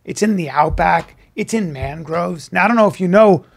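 High, gravelly-voiced man telling a story. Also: moderate pace. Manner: swearing, acts out voices in his story. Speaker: podcast co-host. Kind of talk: animated storytelling.

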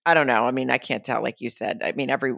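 Podcast co-host, woman, low and bright voice, rambling, dry sound. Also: steady tone, very fast, gravelly, no echo. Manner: rambling, self-correcting, laughs easily. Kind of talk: casual chat.

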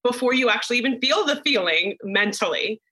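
A woman's voice: on the high side, animated, brisk, sharp tone, low-quality recording. A woman in her thirties, a parenting expert co-hosting a podcast, talking with emphatic enthusiasm. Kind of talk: casual podcast chat.

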